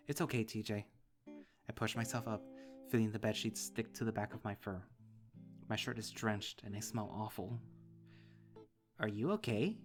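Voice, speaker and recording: Low-voiced man reading a story. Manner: emotional, intimate. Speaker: narrator. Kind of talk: dramatic first-person reading of a visual novel.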